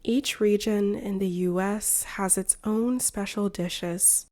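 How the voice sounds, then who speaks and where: Slow, careful American woman teacher. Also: mid-range voice, steady tone, mellow. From United States. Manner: slow, careful, clearly separated phrases. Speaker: English teacher. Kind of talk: slow shadowing practice narration.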